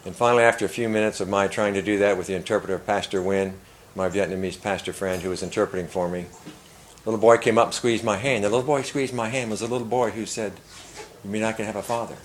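An older man preaching, telling a story earnestly and rising to loud emphasis. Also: on the low side, steady tone, fast talker, slight background noise, rough recording. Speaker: pastor. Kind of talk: sermon storytelling.

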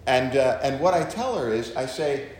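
A man's voice: mid-range voice, expressive, moderate pace, a little mellow. A man, a pastor, teaching from the Bible in a conversational way with joking asides to his listeners. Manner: chatty, joking asides to the audience. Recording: very echoey room.

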